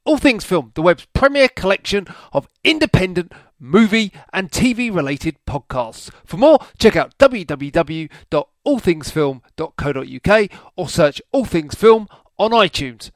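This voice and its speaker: A man's voice: high voice, very animated, unhurried, few pauses, no room sound, studio quality. A man reading a short promotional announcement for a podcast network in a jokey manner.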